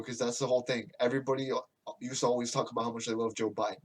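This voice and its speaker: Racing along in a level, mid-range voice, an American podcast host launches into a casual political rant. He swears constantly, restarts his thoughts again and again, and rambles through asides.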